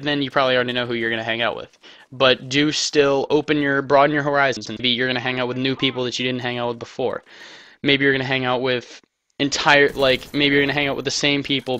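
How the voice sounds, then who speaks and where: Bright-voiced young man rambling through commentary. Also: mid-range voice. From United States. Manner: rambling, self-mocking jokey asides. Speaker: gaming commentator. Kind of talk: casual gameplay commentary.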